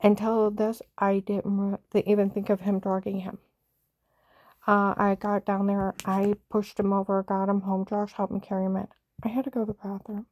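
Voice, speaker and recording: A woman's voice: medium pitch, mellow, no room sound. A middle-aged woman recounting a painful family story in a rambling, emotional way, with many fillers and restarts. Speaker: mother telling her story. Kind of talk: casual personal storytelling.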